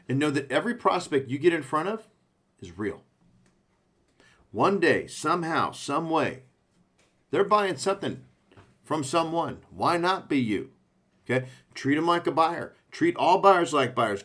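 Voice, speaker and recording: A man's voice: fairly high pitch, animated, normal speed, a bit bright. Punchy male sales trainer. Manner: punchy, coaching, frequent "okay?" check-ins.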